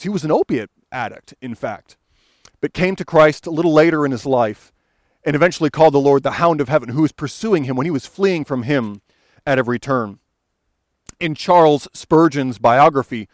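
A man's voice: on the high side, no room sound. A man preaching a sermon in an earnest, pastoral way, building to fervent emphasis as he quotes. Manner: earnest, rising to fervent emphasis when quoting.

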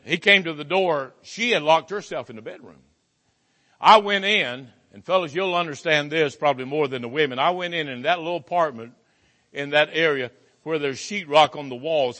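A pastor preaching a sermon to his congregation, telling a story in a folksy, animated way, his voice swinging from loud to hushed. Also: fairly high pitch. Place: church sanctuary. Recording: hall reverb.

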